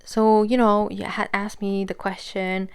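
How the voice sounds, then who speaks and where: A woman's voice: mid-range voice, little pitch movement, unhurried, clear, resonant tone, natural voice. A woman quoting a self-pitying middle-aged man who talks in a hesitant, confiding way.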